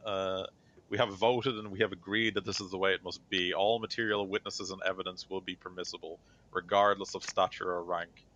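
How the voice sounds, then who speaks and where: A man's voice: low-pitched, little pitch movement, brisk, fairly bright tone. A man voicing a commanding female Inquisitor judge who speaks in a firm, raised voice, on a dull lo-fi recording.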